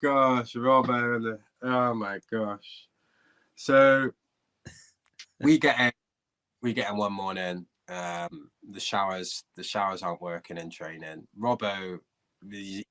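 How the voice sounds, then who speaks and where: A man's voice: lowish voice, unhurried. A man, a former footballer, telling a rambling anecdote full of restarts and breaking into laughter. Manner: rambling, laughing, animated storyteller. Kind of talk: storytelling anecdote. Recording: clip played from earlier stream.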